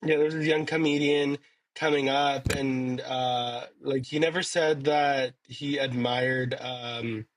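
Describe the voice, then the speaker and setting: A man co-hosting a podcast, slightly hoarse, telling rambling stories in casual chat with lots of fillers. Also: mid-range voice, steady tone, slow pace, dry recording. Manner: laid-back, rambling storytelling with many fillers. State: a little hoarse. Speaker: podcast co-host.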